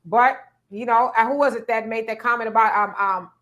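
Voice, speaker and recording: A woman's voice: on the high side, steady tone, a little fast, a bit bright, muffled recording. A woman hosting a livestream, greeting viewers by name and reading their comments aloud before answering them. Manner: reads viewer comments aloud and responds conversationally. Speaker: livestream host reading chat. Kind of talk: casual livestream chat.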